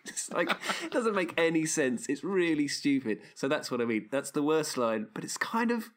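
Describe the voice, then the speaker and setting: A man's voice: a little high, very animated, moderate pace. Wry, rambling man reviewing films. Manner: wry, rambling, self-interrupting. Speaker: podcast co-host. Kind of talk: casual film chat.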